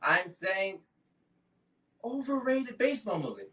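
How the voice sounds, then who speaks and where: Blunt male co-host with a bright, animated voice, recorded a bit far off in an echoey room. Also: high-pitched, measured pace. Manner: blunt, opinionated, swears. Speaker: podcast co-host. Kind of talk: casual movie chat.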